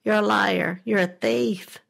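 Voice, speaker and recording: A woman's voice: medium pitch, steady tone, takes it slowly, creaky, crowd noise. A woman scambaiter talking bluntly and mockingly on a prank phone call, often repeating herself.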